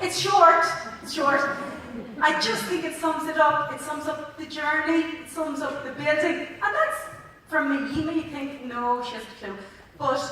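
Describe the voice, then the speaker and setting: Irish lady principal giving a welcome speech, high voice, big boomy hall, heard from far off. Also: bright, forceful tone, slight background noise. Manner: heartfelt and chatty, with stumbles. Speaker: school principal. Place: large indoor sports hall.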